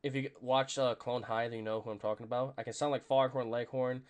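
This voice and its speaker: A man's voice: mid-range voice, fast, clean tone. Rambling man calling a live game. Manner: rambling and self-conscious, full of fillers; bursts into excited play calls. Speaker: podcast host. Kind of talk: live game reaction commentary.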